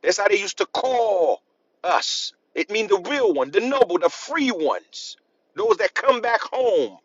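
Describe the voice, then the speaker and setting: Emphatic high-voiced man lecturing. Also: very animated, measured pace, breathy edge, dry recording. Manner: emphatic, repeats points, asks rhetorical questions. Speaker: history channel host. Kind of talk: lecturing to camera. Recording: dull lo-fi sound.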